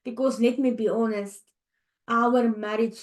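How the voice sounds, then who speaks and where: A middle-aged woman hosting a podcast, talking in a heartfelt, halting way, tired and close to tears. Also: on the high side, fairly even intonation. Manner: heartfelt, halting, with restarts and soft fillers. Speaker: podcast host. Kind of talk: emotional personal monologue. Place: home, early morning.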